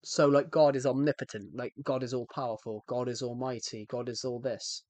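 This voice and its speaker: This man's medium-pitched voice is steady and somewhat dark in tone, and he talks fairly fast with no echo. Chatting casually on a live stream, he jokes, rambles, and repeatedly breaks off to rephrase.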